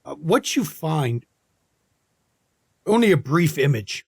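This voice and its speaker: A man running a tabletop role-playing game, narrating scenes with a halting delivery. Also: fairly high pitch, sing-song, gravelly, slightly rough, no echo, studio quality.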